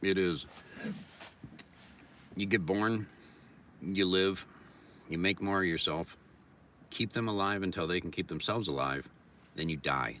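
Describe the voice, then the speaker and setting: Speaking at a measured pace with long pauses, a low-voiced livestream host delivers a blunt, profane, rambling monologue, repeating his points like mantras in a sharp, forceful tone. He's far from the mic, and faint hiss sits in the background.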